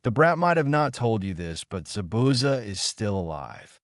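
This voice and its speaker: A man voicing a gruff male fox spirit who speaks in a bored, dismissive way in a fan fiction reading. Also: fairly low pitch, big pitch swings, moderate pace, no echo, clean studio sound.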